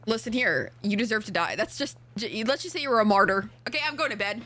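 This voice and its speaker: A woman's voice: medium pitch, expressive, fast talker, bright, forceful tone. A young woman streaming a game, chatting casually with a friend, joking crudely and swearing freely. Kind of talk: casual gameplay chat with a co-op partner.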